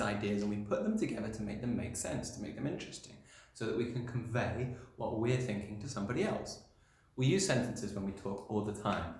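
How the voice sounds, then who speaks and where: A man, a primary school teacher, explaining patiently in a recorded video lesson and answering his own questions. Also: fairly low pitch. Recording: very echoey room sound.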